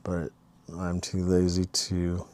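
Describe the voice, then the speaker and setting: A man's voice: low voice, completely flat delivery, slow pace, a little mellow. A man chatting casually in a late-night vlog, rambling into a long meandering story. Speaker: vlogger.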